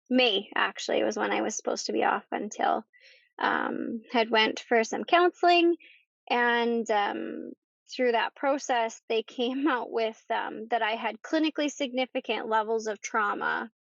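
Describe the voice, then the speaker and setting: A woman, a podcast guest, tells her personal story in conversation, halting and repeating herself as she goes. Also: fairly high pitch, vocal fry, fairly bright tone, no echo. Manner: halting, with many pauses and repeated words. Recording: dull lo-fi dry recording.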